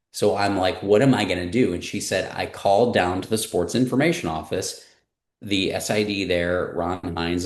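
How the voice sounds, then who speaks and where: A man's voice: low-pitched, roomy sound. A man in his forties, a guest, telling his career story in a casual interview and acting out the people he quotes. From Missouri, US. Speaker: marketing director guest.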